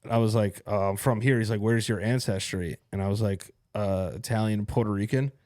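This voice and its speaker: A man's voice: fairly low pitch, fairly even intonation, a little fast, darkish tone. A young man co-hosting a podcast, telling a story casually with swearing and laughs. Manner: laid-back, profane, laughing storyteller. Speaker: podcast co-host, comedian.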